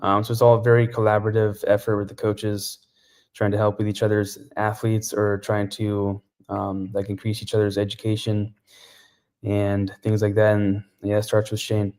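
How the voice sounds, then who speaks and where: Flat-voiced man, casual podcast guest. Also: on the low side. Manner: relaxed, halting with many fillers. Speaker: CrossFit athlete, podcast guest. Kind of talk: casual interview chat.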